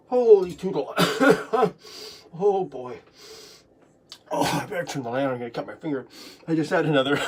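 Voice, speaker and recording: A vlogger talking in a loose, rambling monologue, swearing freely and sometimes dropping into soft whispers. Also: medium pitch, a little hiss or hum.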